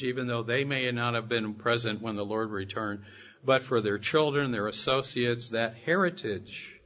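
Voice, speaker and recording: A man giving a sermon-style Bible study, reading scripture passages slowly and with emphasis. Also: medium pitch, fairly bright tone. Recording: dull lo-fi recording.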